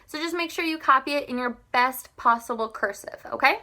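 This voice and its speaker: Teacher lady explaining a lesson, kinda high and bright voice, lots of ums, keeps saying okay?. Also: brisk. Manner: patient, explanatory, checks in with "okay?"; frequent "um" fillers while thinking aloud. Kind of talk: recorded classroom lesson.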